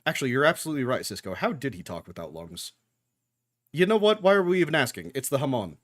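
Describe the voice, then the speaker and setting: A man's voice: mid-range voice, sing-song, fast talker, dry recording, studio quality. A young man giving casual reaction commentary while watching anime, talking back to the screen with jokes and swearing.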